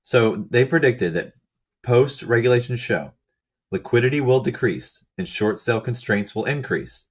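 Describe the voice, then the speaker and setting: A man with a hoarse, fading voice walks methodically through slides of a research paper, reading out lists and figures with brief asides. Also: medium pitch, lively intonation, normal speed. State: hoarse, losing his voice. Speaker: channel host explaining research.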